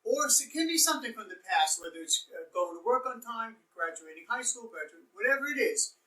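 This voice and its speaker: A man's voice: extremely high pitch, animated, fairly quick, sharp tone. A man giving an informal training lecture, explaining with examples and often restarting his sentences. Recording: echoey room, far from mic.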